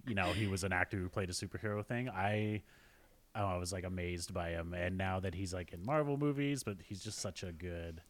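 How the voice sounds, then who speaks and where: A man's voice: deep voice, fairly quick. A young man co-hosting a casual chat, easygoing, often restarting his sentences and chuckling. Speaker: podcast co-host.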